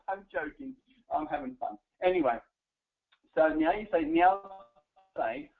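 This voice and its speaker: Lively man coaching a sales crowd, tinny sound. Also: fairly high pitch, normal speed. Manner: animated, coaching, addresses audience directly. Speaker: sales trainer. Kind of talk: live sales training talk. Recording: tinny phone-like recording. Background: audience present.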